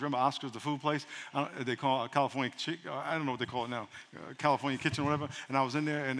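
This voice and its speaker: A man preaching a sermon as a pastor, lively and humorous, leading the congregation in call-and-response. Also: mid-range voice, in a large hall.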